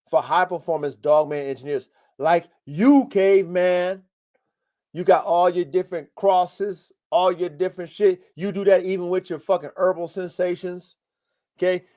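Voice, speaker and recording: A man with a high voice and a darkish tone hosts a live podcast from a home studio as a live stream, coaching dog breeders in a blunt, profane, fired-up way.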